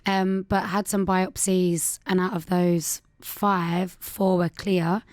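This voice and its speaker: A woman's voice: lowish voice, level tone, slow pace, a little mellow, no echo. A thirty-year-old woman from the UK, a guest in a radio studio. She speaks candidly and hesitantly, with plenty of "um" and "like". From United Kingdom. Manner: candid, hesitant, many fillers like "um" and "like". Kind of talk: radio interview. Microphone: studio microphone.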